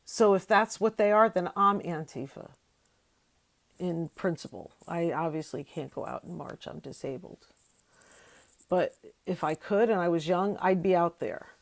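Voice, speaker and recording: An older woman ranting on her own channel, heated and profane, swinging from loud outbursts to tired mutters. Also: lowish voice, measured pace, creaky. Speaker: YouTube ranter. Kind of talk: solo angry political rant.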